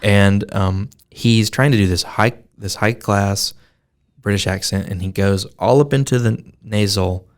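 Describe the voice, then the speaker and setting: A man's voice: fairly low pitch, unhurried. A man co-hosting a podcast, chatting casually and opinionatedly with jokes and frequent laughter. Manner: joking, opinionated, laughs often. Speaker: podcast co-host. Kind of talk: casual chat about a film.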